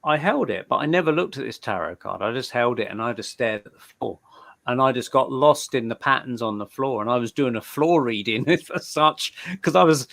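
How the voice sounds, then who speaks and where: A man's voice: mid-range voice, lively intonation, normal speed, gravelly, fairly bright tone. A man, a guest medium, chatting in a live interview, telling stories loosely and often repeating words as he starts a sentence. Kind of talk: casual storytelling in a live interview.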